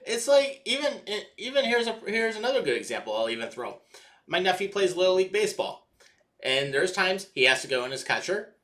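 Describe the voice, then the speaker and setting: Brief: male sports podcast co-host, lively bright voice, agreeable. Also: high voice, a little fast. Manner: agreeable, chiming in with backchannels. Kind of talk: casual sports talk.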